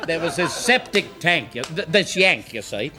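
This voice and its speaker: Chuckling older yarn-spinner. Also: male voice, on the high side, big pitch swings, moderate pace, pushed and bright. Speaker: comedian. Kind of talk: telling jokes on live TV.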